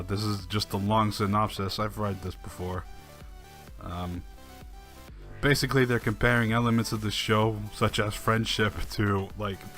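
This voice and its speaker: A man's voice: lowish voice, a bit bright. A man reading old forum posts aloud and commenting on them with dry, sarcastic asides and frequent chuckles. Faint music plays behind him. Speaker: online commentator.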